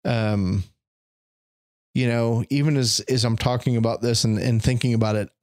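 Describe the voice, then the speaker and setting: A man's voice: medium pitch, steady tone, moderate pace, dry recording, clean studio sound. A middle-aged man as a podcast guest, talking in a reflective, thorough and self-deprecating way. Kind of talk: casual conversational interview.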